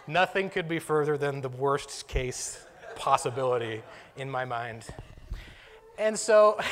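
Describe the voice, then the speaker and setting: A man's voice: mid-range voice, fairly bright tone. Chuckling man telling a story in a hall. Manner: self-deprecating, chuckling, halting restarts. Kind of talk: casual personal anecdote.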